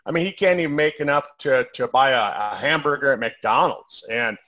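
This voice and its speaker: A man co-hosting a casual question-and-answer chat, talking in a relaxed, rambling way with many fillers and restarts. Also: medium pitch, normal speed. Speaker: co-host of a compensation plan Q&A. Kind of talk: casual conversational Q&A.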